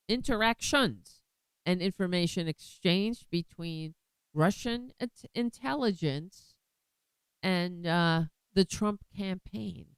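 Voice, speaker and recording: A woman's voice: on the low side, clean tone, no room sound, rough recording. A woman hosting her own political commentary show, talking bluntly and with indignation, often restarting her sentences.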